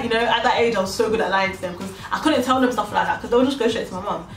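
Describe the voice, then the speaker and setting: Quick and medium-pitched, a young female vlogger casually tells a slangy story and acts out each side of it. Faint music plays in the echoey room, picked up by a distant mic.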